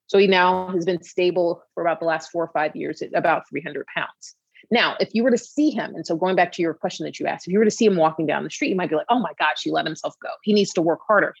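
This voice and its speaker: Brief: woman doctor guest, lowish gravelly voice, chatty storyteller, dull dry studio sound. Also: dry recording. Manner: animated storyteller, frequent "you know" asides. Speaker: obesity medicine physician guest. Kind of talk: conversational explanation on a talk show.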